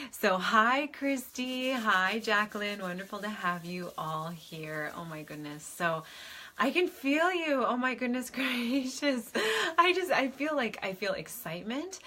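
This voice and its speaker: A woman hosting a live stream as a spiritual advisor, gushing and effusive, repeating her warm greetings and laughing often. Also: mid-range voice. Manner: repeats words for warmth, frequent laughs. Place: indoors.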